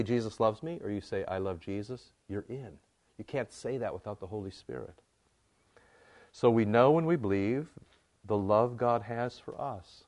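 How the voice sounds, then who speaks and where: This sermon comes from a male pastor with a somewhat low voice and a relaxed, talk-like delivery. Emphatic phrases, said again and again, carry his argument.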